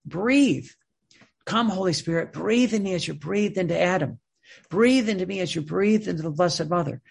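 A man's voice: high voice, gravelly, husky. A man preaching a sermon in a fervent way, repeating words and phrases for emphasis.

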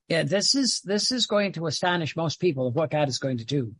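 Husky man giving a rambling devotional talk. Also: on the high side, animated, a little fast, dry recording. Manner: rambling, repeats words, stops to read aloud. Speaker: religious teacher. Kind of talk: informal devotional talk with reading.

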